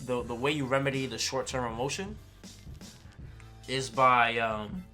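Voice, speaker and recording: A man chatting casually on a stream, telling a story in an animated way with slang and swearing and often checking in with his listeners. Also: mid-range voice, a little slow, soft background music. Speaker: streamer and fighting game player. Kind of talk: casual chat.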